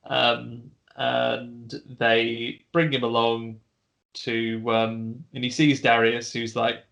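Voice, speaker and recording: A man's voice: medium pitch, level tone, slow, vocal fry, fairly bright tone. Rambling man recapping a film. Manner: rambling retelling with restarts and laughs. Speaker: podcast co-host.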